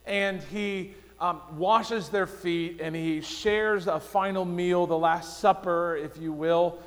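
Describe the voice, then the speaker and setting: A man's voice: sits high, fairly even intonation, takes it slowly. Man preaching in a reverberant hall. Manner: storytelling, drops quiet for solemn moments. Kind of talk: sermon.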